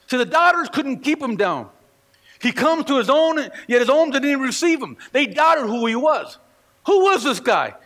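A man preaching a sermon in church, telling stories with animated delivery and acting out the people he quotes. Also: very high voice, normal speed. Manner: animated storytelling, acts out quoted voices. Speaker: pastor. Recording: long reverb of a hall.

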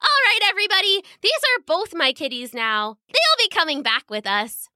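A woman voicing an excited little girl princess with a high, eager, childlike voice. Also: moderate pace, no echo, clean studio sound, heavily acted.

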